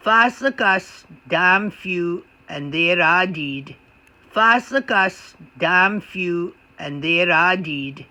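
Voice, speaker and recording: Man doing a thick mock-scottish brogue, very slow, bright edge, bagpipe-skit feel. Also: high voice, lively intonation, full character voice. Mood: hammy.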